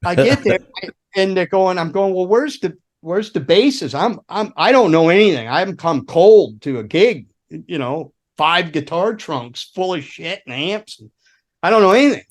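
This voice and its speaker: A man's voice: high voice, animated, moderate pace. Profane older man telling road stories. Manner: rambling, profane, laughing anecdotes with voiced quotes. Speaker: guest, former rock roadie. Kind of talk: casual storytelling chat.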